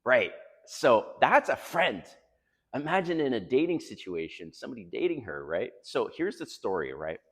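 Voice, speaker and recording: A man's voice: mid-range voice, very animated, normal speed, a bit bright, breathy edge. A middle-aged man giving dating advice to camera in a casual monologue, blunt, emphatic and profane as he lectures. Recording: long reverb in the room.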